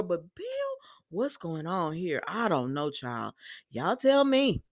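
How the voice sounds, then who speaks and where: A woman's voice: medium pitch, unhurried, dry recording, studio quality. A woman, recapping a soap opera in casual talk, acting out the quotes and laughing often. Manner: animated, acts out quotes in lively voices, laughs often.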